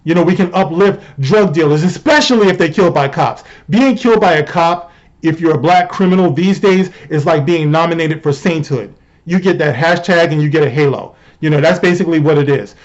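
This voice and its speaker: A man's voice: fairly high pitch, brisk, highs cut off. A man hosting his own show, talking in a conversational, rhetorical commentary style and often checking in with the listener. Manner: conversational, rhetorical, often asks "you know what I mean". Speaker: host and commentator. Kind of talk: opinionated commentary.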